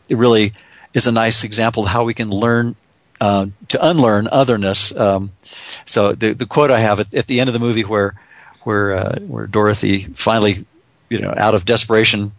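A man's voice: mid-range voice, no echo. A man talking in a casual, reflective way as a guest author, often restarting and repeating words.

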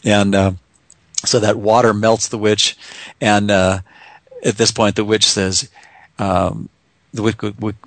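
Halting, reflective man in dry sound. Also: on the low side, little pitch movement, vocal fry, fairly bright tone, no room sound. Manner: halting, many restarts and repeated words. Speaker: author guest. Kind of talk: casual reflective conversation.

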